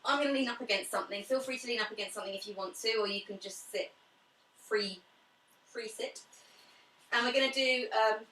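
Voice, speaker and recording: A woman leading a home pilates class, talking through stretches and breathing cues in a calm, chatty way. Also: mid-range voice, distant mic. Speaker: pilates instructor. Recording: echoey room, away from the mic.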